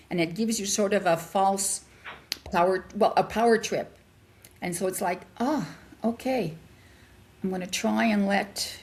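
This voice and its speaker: Older lady w a gravelly voice, animated storyteller, puts on voices for the quotes. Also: fairly low pitch. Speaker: guest. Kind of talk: personal storytelling in an interview.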